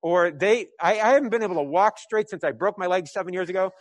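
A man's voice: high voice, fast talker, no echo, close to an everyday voice. A man playing a stunned, overjoyed villager who has just been healed. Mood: amazed.

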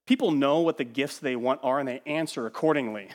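A man preaching a sermon as pastor, animated, sometimes mimicking the voices he quotes and dropping to a hush. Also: mid-range voice, brisk, in a large hall. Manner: animated, acts out quoted voices, swings from loud to hushed. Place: church sanctuary.

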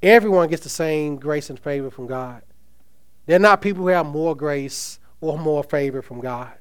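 A man's voice: fairly high pitch, normal speed, clear, resonant tone. A man preaching a sermon, reading scripture aloud and asking the congregation questions with emphasis. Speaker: pastor.

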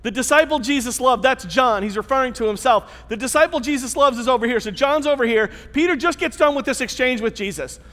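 A man's voice: very high-pitched, brisk, hardly any pauses, fairly bright tone. A man preaching a sermon to his church in a conversational way, with rhetorical questions and emphatic repetition. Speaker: pastor. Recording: long church-hall reverb.

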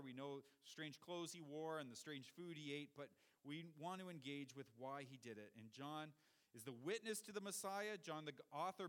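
A man with a slightly high voice gives a teaching sermon. He walks his listeners through scripture verse by verse, in a patient, explanatory style. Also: a bit bright. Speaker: preacher.

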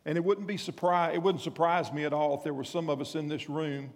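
A man preaching a sermon in a folksy, storytelling way. His voice sits a little high, and he often restarts and repeats words as he goes. The sound carries with a long reverb, as in a large sanctuary. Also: fairly even intonation, brisk. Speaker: pastor.

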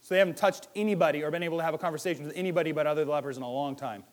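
A man preaching a sermon in a lively, conversational way, firing rhetorical questions and swinging between loud and hushed. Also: a little high, rapid-fire. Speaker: pastor.

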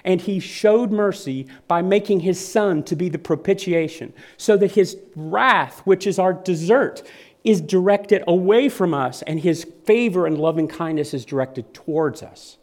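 Male preacher with a slightly high voice, slow and deliberate, earnest and vivid in the pulpit. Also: darkish tone. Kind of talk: sermon.

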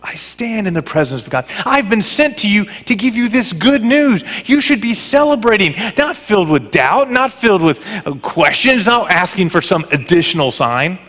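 Stern scolding angel , a pastor putting him on, bright voice, big echoey room. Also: male voice, high voice, very animated, normal speed, few pauses, heavily acted. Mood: indignant. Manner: scolding, emphatic. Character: indignant male angel, stern messenger.

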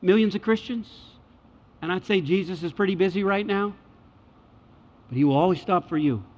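High-voiced preacher in an echoing hall. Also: male voice, normal speed. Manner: emphatic, repeats key phrases, swings between loud and hushed. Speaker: pastor. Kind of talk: sermon. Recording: dull sound with long hall reverb.

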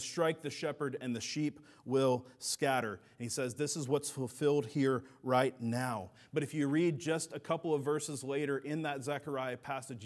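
A middle-aged man preaching a sermon as a pastor, earnest, building to emphatic peaks and dropping soft. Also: medium pitch.

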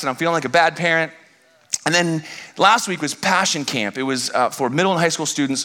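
A man's voice: fairly high pitch, sharp tone. A man in his thirties, a pastor telling a self-deprecating story in his sermon, acting out his exasperation in bursts.

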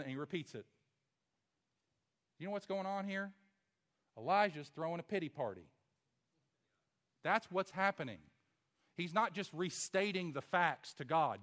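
A man preaching a sermon as pastor, emphatic, with rhetorical questions and swings from loud to hushed. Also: sits high, expressive, normal speed, long pauses.

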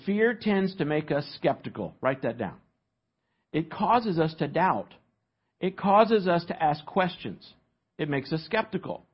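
A pastor, a man, preaches an emphatic sermon in a fairly high, husky voice that swings widely in pitch. He teaches from an outline and keeps asking his listeners to fill in the blanks. The recording is dull and lo-fi.

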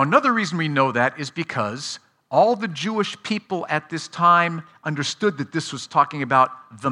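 Bright-voiced man preaching to children. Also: on the high side. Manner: asks the audience questions and praises answers. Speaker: pastor teaching children. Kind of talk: children's sermon.

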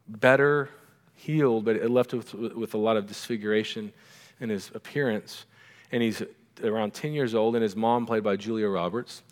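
A middle-aged male pastor preaching a sermon in a relaxed, conversational way, often checking in with the congregation with quick asides. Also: on the low side. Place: church sanctuary. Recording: long reverb of a church hall.

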